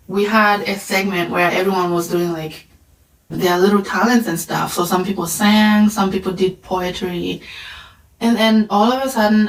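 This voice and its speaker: A woman's voice: mid-range voice, echoey room, low-quality recording. A woman and spiritual reader telling a personal story in a casual, chatty way, often saying "like" and "right?". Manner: chatty, frequent "like" and "right?" fillers.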